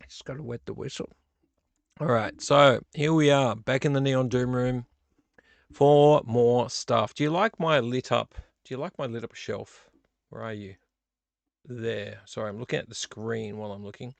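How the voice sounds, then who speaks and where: A middle-aged man, chatting casually and rambling to viewers on his live stream from a home studio, with a gravelly voice. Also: mid-range voice, fairly even intonation, normal speed, no room sound. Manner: rambling, chatty, self-deprecating. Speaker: vlog host.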